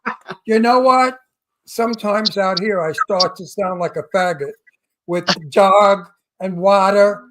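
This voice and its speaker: A man with a thick Brooklyn accent co-hosts a chatty interview show. He talks in a boisterous, emphatic way, and his voice sits high for a man. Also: measured pace, a bit bright, rough recording. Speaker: co-host. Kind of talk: casual radio interview chat.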